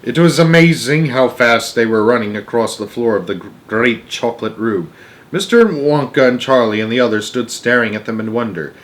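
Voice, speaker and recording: A man narrating a children's storybook aloud, gentle and expressive. His voice sits at an ordinary middle pitch, unhurried. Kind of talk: reading a children's book aloud.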